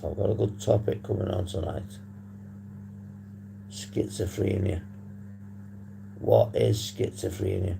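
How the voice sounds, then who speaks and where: A man from the UK hosting a casual recovery livestream, husky from a long phone call, rambling and swearing casually to his chat. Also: low-pitched, noisy background. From United Kingdom. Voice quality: gravelly, dark voice. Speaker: livestream host on addiction recovery. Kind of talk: casual live-stream chat to viewers.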